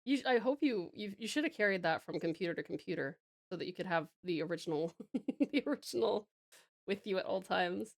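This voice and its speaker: A woman's voice: lowish voice, animated, fairly quick, no echo, clean studio sound. Giggly woman chatting with viewers. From Tasmania, Australia. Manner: giggly, rambling, lots of fillers. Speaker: streamer. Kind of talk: casual chat with viewers while drawing.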